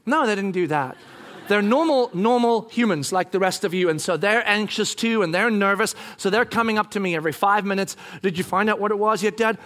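A middle-aged male pastor tells a family story from the pulpit, joking as he goes and slipping into other people's voices. His voice sits high for a man. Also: brisk. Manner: animated, jokey, acts out voices. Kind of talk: sermon storytelling.

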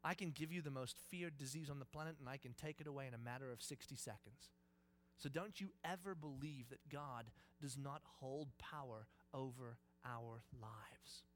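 A man voicing God as an all-powerful male deity, speaking in a hushed, slow and grave way within a sermon. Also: mid-range voice, a little hiss or hum, voice pushed down, natural voice. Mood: solemn hush.

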